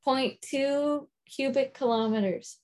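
A woman's voice: high voice, slow pace, a little mellow. A woman in a family podcast, answering quiz questions with short, matter-of-fact replies. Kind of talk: casual family chat.

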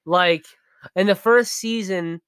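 A young man co-hosting a casual livestream podcast, rambling and restarting his sentences and apologizing quickly. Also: high voice, fairly bright tone, clean tone, no room sound. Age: young adult. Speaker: podcast co-host and streamer.

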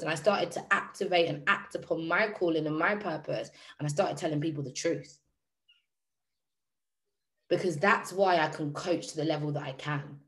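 A woman life coach giving a motivational talk to a live audience, animated and emphatic, with many rhetorical questions. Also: on the low side, echoey room.

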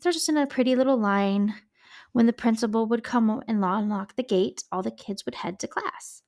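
A woman's voice: fairly high pitch, moderate pace, a little mellow. Woman doing a true crime podcast, chatty and emotional, swears when it gets to her. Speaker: podcast host.

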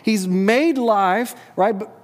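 A male pastor preaching in a relaxed, conversational manner, often tagging his points with a questioning "right?". His voice sits a little higher than most men's. The sound carries a long reverb from the large hall he speaks in. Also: slow. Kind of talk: sermon. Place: church service with a live audience.

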